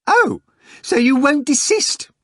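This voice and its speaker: A man voicing an explosive, hot-tempered male theatre manager who yells and roars in a rage. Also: fairly low pitch, huge pitch swings, brisk, slightly rough, no room sound, clean studio sound, heavily acted. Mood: enraged yelling. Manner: yelling, roaring in a rage.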